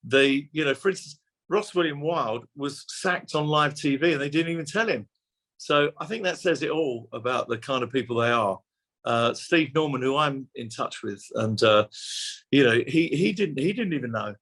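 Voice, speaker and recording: A man's voice: mid-range voice, moderate pace, a bit bright. An older man in his sixties chats as an interview guest, effusive and full of stories. He repeats himself and restarts his phrases, and he laughs easily as he goes. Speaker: musician guest. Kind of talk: casual interview chat.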